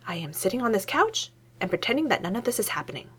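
A woman's voice: very animated, quick pace, a bit bright, husky. A woman doing a grumbling scholar. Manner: low, clipped, grumbling. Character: fussy, grumbling British male academic.

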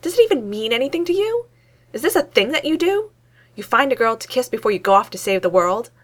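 A woman's voice: medium pitch, fast, natural voice. A woman reading aloud voices a blunt, impatient young woman in a storybook scene. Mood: worked up.

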